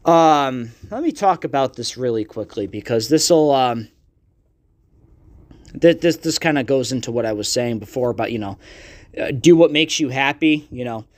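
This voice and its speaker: A man's voice: medium pitch, lively intonation, moderate pace. A young man hosting a podcast, ranting in a casual, profane monologue full of fillers. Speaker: podcast host.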